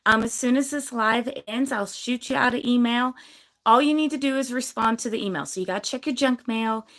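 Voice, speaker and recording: A young woman hosting a casual livestream giveaway, bubbly and chatty with lots of fillers, her voice a little hoarse from losing it. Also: a little high, fairly quick, fairly bright tone, poor audio.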